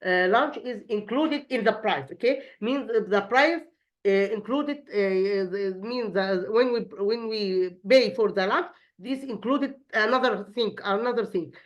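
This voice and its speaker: Woman, English teacher, hesitant with many fillers, slightly muffled lo-fi recording. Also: medium pitch. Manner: halting, many fillers and restarts. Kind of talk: explaining a grammar lesson.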